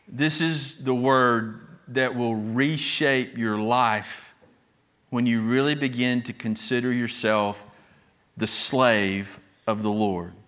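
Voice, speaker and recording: Guy preaching, earnest and emphatic, bright clear voice. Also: mid-range voice. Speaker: pastor. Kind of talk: sermon.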